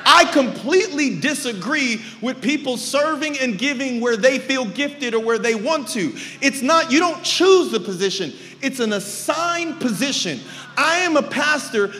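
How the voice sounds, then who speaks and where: High-energy preaching man, big hall. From California. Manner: energetic preaching with shouts and joking asides. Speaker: pastor. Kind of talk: sermon. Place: large church sanctuary. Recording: reverberant church hall.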